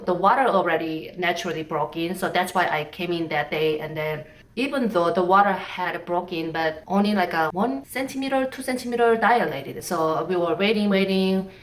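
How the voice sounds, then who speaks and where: A young woman from North Korea with a Korean accent, telling a personal story in halting, candid English that often breaks into laughter. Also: lowish voice. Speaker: vlogger. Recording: roomy echo, mic at a distance.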